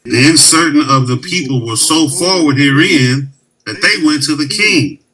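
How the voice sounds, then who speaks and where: A man co-hosting a podcast who reads scripture aloud slowly and deliberately. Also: on the high side, bright, forceful tone, rough recording. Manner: slow, deliberate reading. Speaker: podcast co-host.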